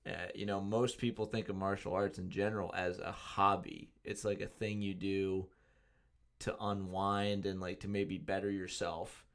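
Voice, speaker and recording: Man, low voice, podcast co-host, halting measured talk, restarts. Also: little pitch movement. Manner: halting, searching for words, measured.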